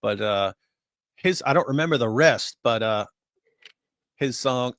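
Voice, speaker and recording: A man's voice: medium pitch, normal speed, fairly bright tone, dry recording. A man with a mid-range voice trades wry, teasing remarks as co-host of a casual livestream. His voice is recorded close and dry.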